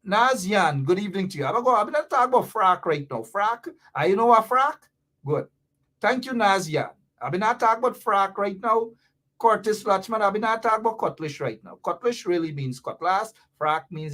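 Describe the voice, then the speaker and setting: A man's voice: high-pitched, expressive, normal speed, pushed and bright. A man from Guyana with a Guyanese Creole accent, hosting a live-stream talk show, reading viewer comments and explaining local slang with lots of repetition.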